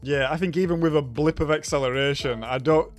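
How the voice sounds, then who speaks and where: A man's voice: on the high side, brisk. Yorkshire man, casual live streamer, chatty, greets viewers, faint music behind. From Yorkshire, England. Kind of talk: live gameplay commentary and chat.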